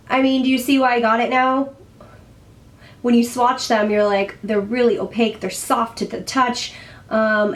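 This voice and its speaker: A young woman in her twenties reviewing makeup in a casual, rambling, self-deprecating chat at home. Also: fairly high pitch. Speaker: beauty vlogger.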